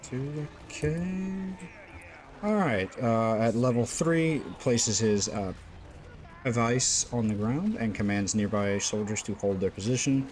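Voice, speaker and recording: A man with a fairly low voice talks through a strategy game in a loose, rambling way, full of "uh"s and the odd curse. A faint hiss runs behind him. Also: darkish tone. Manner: rambling, lots of fillers, occasional swearing. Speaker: gaming channel host. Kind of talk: casual gameplay commentary.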